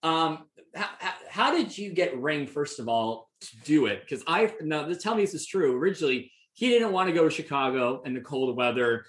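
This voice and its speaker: A man's voice: a little high, expressive, normal speed. A man hosting an interview, chatty and eager, often restarting his questions. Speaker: podcast host. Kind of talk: casual interview chat. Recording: echoey room.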